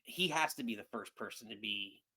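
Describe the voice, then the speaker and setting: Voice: mid-range voice, expressive, normal speed, pushed and bright. A co-host on a casual wrestling podcast, talking hesitantly and thinking aloud. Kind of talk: casual wrestling recap chat.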